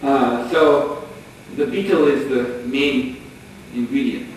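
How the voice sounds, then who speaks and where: A man's voice: medium pitch, slow. Man telling a sacred story in an echoey hall. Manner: animated storyteller, chuckling often. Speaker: lecturer. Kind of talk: storytelling sermon. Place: lecture hall. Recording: echoey hall, distant mic, faint noise.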